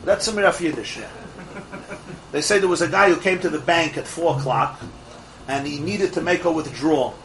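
Guy with a high voice teaching a torah class, lots of jokes and parables, faint hiss behind. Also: moderate pace, poor audio. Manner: animated storyteller, rhetorical questions, laughs at his own jokes. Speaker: religious teacher.

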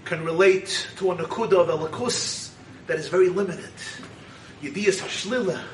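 A man preaching a Hasidic sermon and telling a story, swinging between fervent shouting and hushed tones. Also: high voice, moderate pace, slight background noise. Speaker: rabbi teaching a congregation. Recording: echoey room, voice from a distance.

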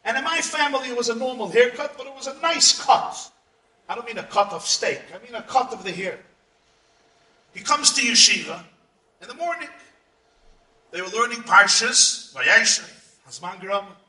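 Impassioned rabbi with a high, bright voice. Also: male voice, animated, moderate pace. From United States. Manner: impassioned storytelling with sudden shouts and hushed asides. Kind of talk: sermon. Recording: echoey room, far from mic.

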